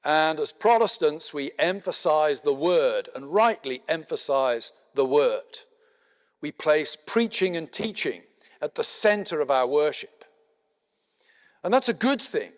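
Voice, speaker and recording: A middle-aged man giving a conference lecture in a measured, explanatory way, with frequent filler words and dry asides. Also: a little high, lively intonation. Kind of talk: spoken lecture. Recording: long hall reverb.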